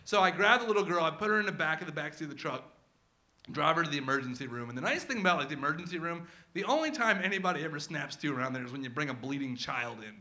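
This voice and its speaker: Male storyteller, 30s, slightly high voice, comic and animated, live first-person storytelling. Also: rapid-fire. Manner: animated, comic, acts out his kids' voices.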